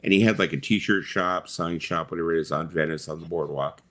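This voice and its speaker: A man's voice: low voice, brisk, a bit bright. A middle-aged man hosting a casual live chat, telling rambling stories full of fillers and the odd swear word. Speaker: host.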